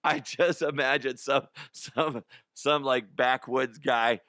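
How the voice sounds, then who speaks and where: A man hosting a comedy show, his voice hoarse and strained, chatting casually in a rambling, excitable way and laughing often. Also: medium pitch, takes it slowly, dry recording, studio quality. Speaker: comedy show host and youth baseball coach.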